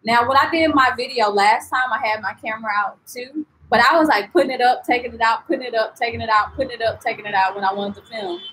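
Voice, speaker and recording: Chatty young woman vlogger, slightly high. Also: fast talker, few pauses, a little hiss or hum, poor audio. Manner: chatty and animated, heavy on "like" and "you know"; reads and answers viewer comments. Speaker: travel vlogger. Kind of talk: casual live-stream chat.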